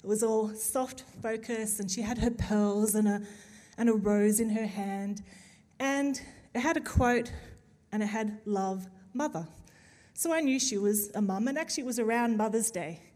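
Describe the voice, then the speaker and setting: A woman's voice: medium pitch, moderate pace. A woman preaching a sermon, telling stories with humour and building to emphatic, rousing passages. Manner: humorous, animated storytelling with emphatic build-ups.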